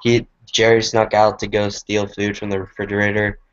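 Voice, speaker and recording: A man's voice: on the low side, monotone, moderate pace, a bit bright, clean tone. A man chatting casually on a podcast, easygoing and reminiscing. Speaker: podcast co-host. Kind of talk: casual chat. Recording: dull lo-fi stream audio.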